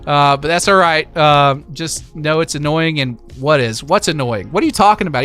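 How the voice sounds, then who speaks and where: Hyped streamer guy reading chat, bright voice, talks with lots of likes and you knows, faint music behind. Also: on the high side, normal speed. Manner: animated, hyping, lots of filler words. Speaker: livestream host. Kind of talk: casual livestream chat, reading chat messages.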